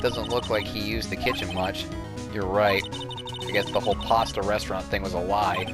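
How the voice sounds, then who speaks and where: A let's-play host giving casual gameplay commentary in a sarcastic, deadpan way, with game music underneath. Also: sits low, normal speed.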